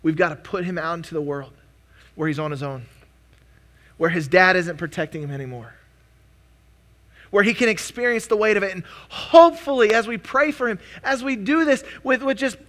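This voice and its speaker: A young man delivers a sermon, his voice pitched high and ringing bright. He preaches earnestly but conversationally, stumbling and restarting phrases as he goes. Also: normal speed. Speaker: pastor.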